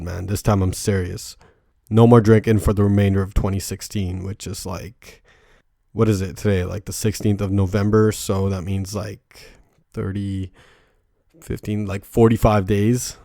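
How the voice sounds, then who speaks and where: Young man, podcast host, low voice, dry close sound, loose rambling talk, constant swearing, laughs at his own stories. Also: vocal fry, warm tone, no room sound. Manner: rambling, heavy swearing, filler "like" and "right?". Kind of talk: casual solo podcast monologue.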